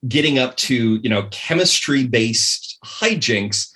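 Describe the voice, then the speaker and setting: A man's voice: mid-range voice, animated, slow, bright, forceful tone. A man guest on a podcast, chatting casually and rambling, with many ums and restarts. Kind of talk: casual chat.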